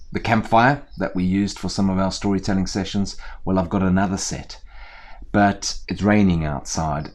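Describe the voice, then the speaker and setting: Indoors on a small theatre set, a male storyteller addresses viewers in a lively, conversational style sprinkled with playful asides. His voice sits low.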